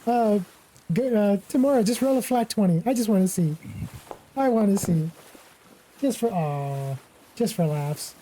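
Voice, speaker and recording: A woman narrating as game master of a tabletop game, relaxed and full of casual fillers. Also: mid-range voice, unhurried, pauses often, slight background noise, poor audio. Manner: relaxed, with many fillers like "kinda" and "like".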